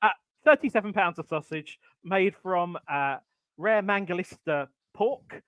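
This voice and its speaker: A man's voice: sits high, a little slow, a bit bright, clean tone, no echo. A man co-hosting a podcast in casual chat, rambling and hesitant with plenty of ums while he tells a story. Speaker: podcast co-host.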